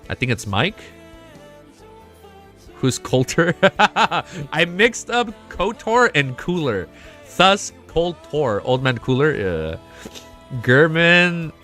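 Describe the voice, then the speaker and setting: A man hosting a casual livestream chat, excitable and swearing freely, his voice jumping between high and low. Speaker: livestream host.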